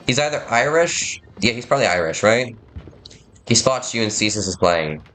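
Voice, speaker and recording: A man's voice: fairly low pitch, expressive, moderate pace, fairly bright tone. A man playing a story game, reading its text aloud and commenting in a rambling, self-deprecating way. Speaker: game player. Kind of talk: let's play narration, reading and commenting.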